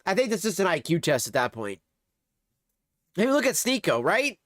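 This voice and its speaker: A man's voice: high voice, sing-song, normal speed, a bit bright, no echo, clean studio sound. A man on his livestream, ranting angrily and sarcastically, swearing heavily. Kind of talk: angry livestream commentary. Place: home streaming setup.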